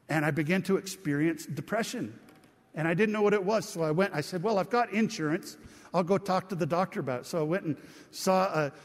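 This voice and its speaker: A middle-aged man preaching a sermon as pastor, talking conversationally and calling out to his congregation. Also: fairly high pitch. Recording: long church reverb.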